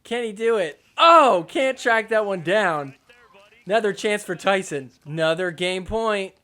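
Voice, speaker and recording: A man's voice: high voice, expressive, unhurried, bright, forceful tone. A young man hosting a pickleball podcast, recapping matches with sarcastic commentary and mock voices for the players. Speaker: podcast host. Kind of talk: comedic sports recap commentary.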